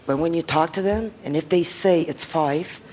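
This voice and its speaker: A woman's voice: low voice, normal speed, a little mellow. Woman on a panel, blunt, swears a lot, bit of hiss behind her. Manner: blunt, swears often, emotional. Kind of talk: casual panel talk.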